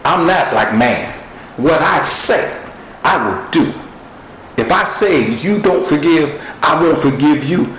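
A man acts out a stern almighty God delivering a forceful rebuke, his voice lifted well above the speaker's usual register. Each word comes slow and weighty. The sound carries a roomy echo. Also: a little high, animated, a little hiss or hum, voice pushed up.

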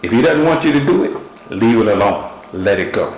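Man, preacher, sermon, low voice, repeats short phrases, echoey room. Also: big pitch swings, brisk. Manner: repeats short phrases, uses object illustrations. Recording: echoey room with faint noise.

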